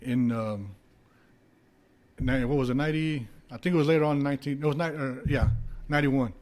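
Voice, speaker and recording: A former heavyweight boxer, appearing as a podcast guest, tells casual stories in a mid-range voice at a slightly fast clip. His anecdotes are animated and packed with swearing and laughter.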